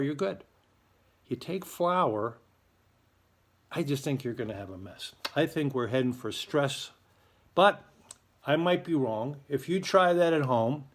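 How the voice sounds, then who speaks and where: A man hosting a school's morning announcements, in a chatty, joking, self-deprecating manner. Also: mid-range voice. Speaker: school morning show host.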